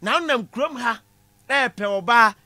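A man lecturing a class for laughs, his voice pitched very high and sharply bright. He gets animated, shouts his punchlines and laughs at his own jokes. The recording is close and dry. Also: normal speed, dry recording. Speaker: comedy lecturer.

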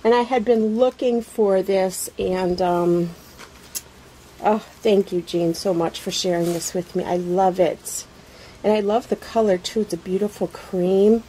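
A woman unboxing a package on her craft vlog, gushing with excitement and many fillers. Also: medium pitch, unhurried, slight background noise, poor audio. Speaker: craft vlogger.

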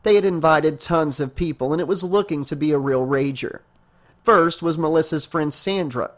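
A male audiobook narrator reads a horror novel aloud at a normal speed, holding a steady storytelling pace. His voice sits a little high for a man.

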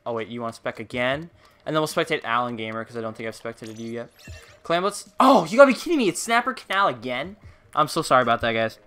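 A man streaming a game live, chatting casually with viewers and teammates, excitable and humming along. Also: mid-range voice, fast, smooth, faint music behind. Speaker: gaming streamer.

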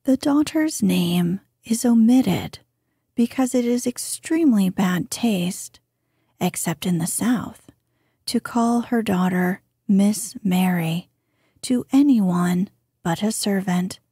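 Woman, sleep-story narrator, soft hushed delivery, mellow breathy tone, dry close sound. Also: medium pitch, slow, no echo. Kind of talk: slow soothing bedtime reading.

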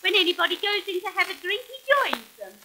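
A woman's voice: extremely high pitch, big pitch swings, fast, heavy background noise. A woman playing a cheeky little girl in a 1920s music-hall comedy sketch, prattling and repeating the same story in a sing-song childish way. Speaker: comic stooge.

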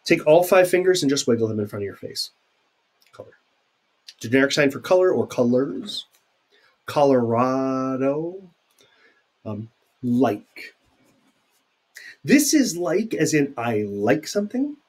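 A man's voice: medium pitch, sing-song, a little slow, pauses often, darkish tone, slightly rough. A man teaching sign language vocabulary in a recorded video lecture, chatty and informal, with fillers and asides.

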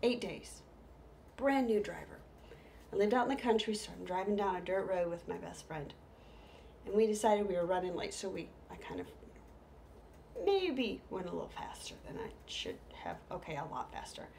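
A middle-aged woman telling humorous stories, lively, with hushed whispered asides. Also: lowish voice, moderate pace, gravelly, a little hiss or hum. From United States. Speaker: storyteller. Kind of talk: humorous stage storytelling.

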